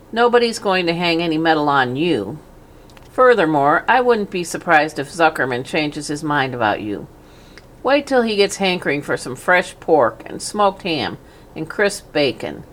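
A woman voicing a greedy, gluttonous male rat with a husky, hoarse voice and a smug, snarling manner. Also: sits low.

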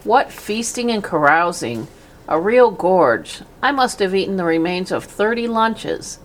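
A woman voicing a greedy, gluttonous male rat with a husky, hoarse voice and a smug, snarling manner. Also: mid-range voice, sing-song, unhurried. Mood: smug, gloating.

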